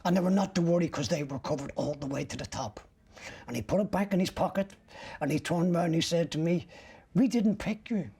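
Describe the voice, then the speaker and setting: Older irish guy telling his story straight and blunt, gravelly, a bit rough, mic set back from him. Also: fairly high pitch, quick pace, darkish tone, no echo, far from the mic. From Ireland. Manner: vivid, blunt retelling with swearing. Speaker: interviewee recounting his arrest. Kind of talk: first-person storytelling.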